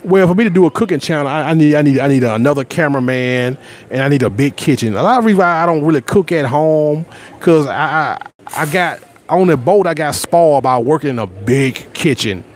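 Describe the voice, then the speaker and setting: A man's voice: fairly high pitch, lively intonation, a little fast, slight background noise. A man with a Southern accent hosting a casual livestream, greeting viewers by name, rambling and boastful with frequent repeated words and restarts. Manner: blunt and boastful. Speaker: livestream host. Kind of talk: casual live chat with viewers.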